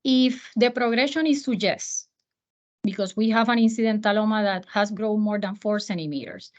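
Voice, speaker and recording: A woman's voice: medium pitch, a little mellow. Woman lecturing with a Spanish accent. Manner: measured, with occasional fillers. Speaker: physician presenter. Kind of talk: medical lecture. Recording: muffled lo-fi audio.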